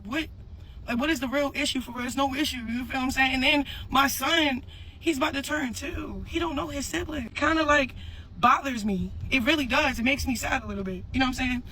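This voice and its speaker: Here a mother speaks to her audience in a heartfelt, casual video for her followers, her high voice pushed and bright on a rough recording. She rambles earnestly, circling back again and again to "for real" and "you know what I'm saying."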